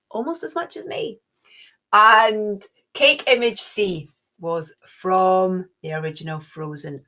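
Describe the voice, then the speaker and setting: A woman's voice: on the low side, fairly bright tone. A middle-aged woman hosting an online quiz, chatty and cheerful, gushing with little oohs. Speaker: quiz host.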